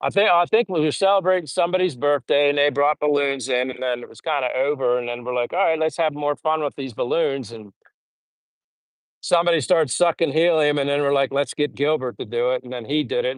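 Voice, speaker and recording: A man's voice: on the high side, a little fast, smooth, no room sound, poor audio. Chatty middle-aged man, dry close voice. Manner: rambling, laughing at old stories. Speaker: vlogger reading live chat. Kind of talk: casual live stream chat. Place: home in the Philippines.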